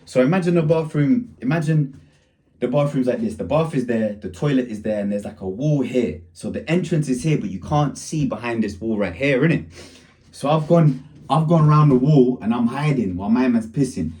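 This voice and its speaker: A man's voice: mid-range voice, animated, normal speed, dark tone. Slangy young man telling a story. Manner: slangy, rambling, laughs while telling. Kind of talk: casual storytime.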